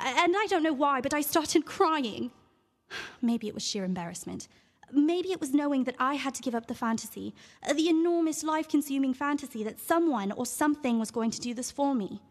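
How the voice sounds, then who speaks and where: A woman's voice: high-pitched, long reverb tail. A woman performing a neurotic young woman in a theatre monologue, with a British accent and a breathless, confessional manner. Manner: breathless, confessional, spiralling panic.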